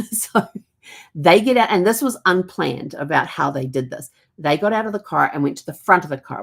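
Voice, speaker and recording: A woman's voice: low voice, creaky, husky. A middle-aged woman, casually telling family stories and laughing now and then. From New Zealand. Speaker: genealogy vlogger. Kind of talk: casual storytelling.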